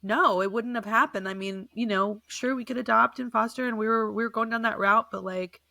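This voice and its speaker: Chatty lady, middle-aged, earnest and animated, dry close sound. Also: a little high, brisk, creaky, no room sound. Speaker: guest sharing her story. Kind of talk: casual chat.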